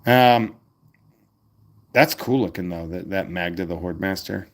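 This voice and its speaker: A man's voice: low-pitched, a little slow. Enthusiastic man reading card text. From Massachusetts. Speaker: host. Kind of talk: casual card-opening chat.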